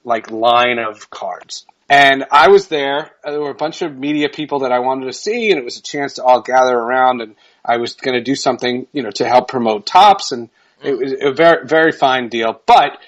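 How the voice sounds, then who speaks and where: A man's voice: medium pitch, normal speed, fairly bright tone, lo-fi sound. A man who works as a sportscaster, telling a story as a guest in a casual podcast interview, chatty and laughing between phrases.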